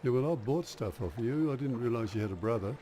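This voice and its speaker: A man's voice: mid-range voice, expressive, fast talker, mellow, a little hiss or hum. A man casually commenting while playing a role-playing game, laid-back and dry. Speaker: game player. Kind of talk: casual let's-play commentary.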